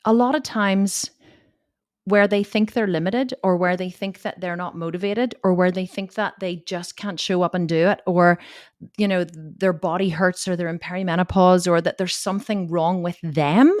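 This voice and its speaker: A woman fitness coach telling a personal story to camera in a candid, animated way, swearing freely. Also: on the low side, normal speed, no echo, clean studio sound.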